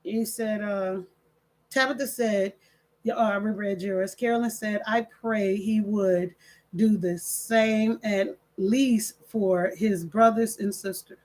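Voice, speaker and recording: An older woman, hosting her channel in casual chat, reading comments and telling animated stories with quoted voices. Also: medium pitch, slow pace. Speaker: channel host.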